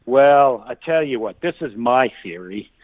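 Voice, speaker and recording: A man's voice: mid-range voice, lively intonation, unhurried. A man calling in to a show, rambling and chuckling as he talks. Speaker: caller. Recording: dry, tinny phone line.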